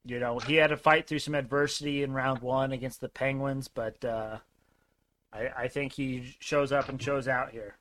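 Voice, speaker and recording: A man's voice: mid-range voice, fairly even intonation, moderate pace, fairly bright tone, a little hiss or hum. A man co-hosting a podcast in a laid-back, hesitant way, chatting casually about hockey and betting. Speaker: podcast co-host. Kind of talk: casual sports betting chat.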